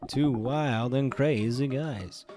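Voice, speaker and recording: A man's voice: mid-range voice, slow pace, over music, close to an everyday voice. A man voicing a boastful, dim-witted young male crook in a brash, bro-ish way.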